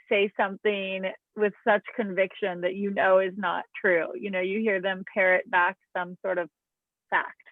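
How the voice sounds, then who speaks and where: A woman therapist giving an online parenting talk in an earnest, gentle way, often acting out what a parent might say to a child. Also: medium pitch, no room sound. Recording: tinny phone-like call audio.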